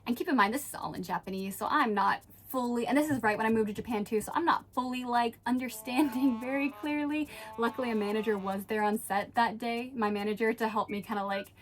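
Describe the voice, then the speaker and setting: A young woman vlogger casually telling a story, animated and laughing often as she acts out the people in it. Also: a little high, fast talker, few pauses, soft background music.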